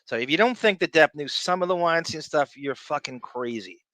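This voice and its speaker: A man's voice: fairly high pitch, expressive, a little fast, fairly bright tone, no echo, poor audio. Sarcastic man ranting on a podcast. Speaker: podcast co-host. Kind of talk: casual podcast commentary.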